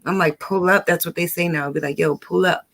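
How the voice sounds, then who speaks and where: An older woman from New York with a New York accent, chatting casually as a guest, talking fast and playfully and laughing often. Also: on the low side, fairly even intonation, fairly bright tone. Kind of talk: casual chat.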